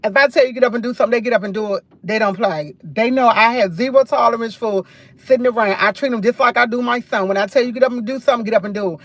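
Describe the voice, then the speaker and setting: Here a woman from New York hosts a casual livestream chat, talking fast in a voice on the high side. Her storytelling rambles, she's chatty, and she tends to repeat phrases.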